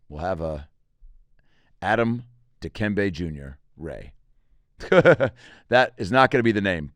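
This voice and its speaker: Animated comedian doing a podcast monologue. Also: male voice, fairly low pitch, no room sound, studio quality. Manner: animated storytelling, jumps into voices. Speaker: comedian host.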